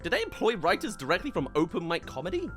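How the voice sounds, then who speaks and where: A man's voice: high-pitched, wildly swooping pitch, fast, music in the background. A young man giving a comedic, sarcastic film review commentary. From United Kingdom. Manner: sarcastic and wry.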